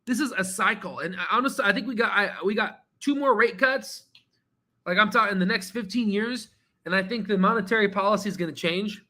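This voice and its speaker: A man hosting a stock trading channel, talking casually and excitably while going through charts, swearing now and then and repeating himself as he rambles. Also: high voice, fairly quick. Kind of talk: casual screen-share market commentary.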